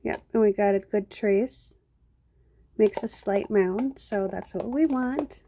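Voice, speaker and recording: A woman's voice: medium pitch, slow, dark tone, slight background noise. A middle-aged woman hosting a live painting stream, chatting casually and rambling to viewers while she works, with hiccups. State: has hiccups. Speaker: live-stream craft host.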